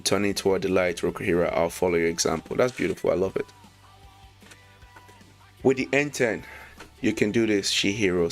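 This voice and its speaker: A man casually reviewing a manga chapter, reading lines aloud, excited and slangy, laughing often. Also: lowish voice. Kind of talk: casual read-along commentary.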